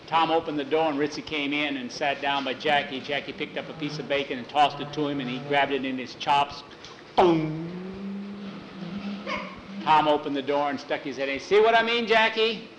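A man's voice: medium pitch, level tone, quick pace, few pauses. Homespun male storyteller, faint hiss. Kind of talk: told western story with voices.

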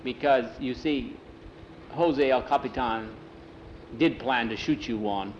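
Male oral storyteller, casual folksy telling with character voices, mid-pitched, room echo, faint background hiss. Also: slow pace, dull audio. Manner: relaxed folksy telling, slips into broken-English character voices. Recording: roomy, faint ambient noise.

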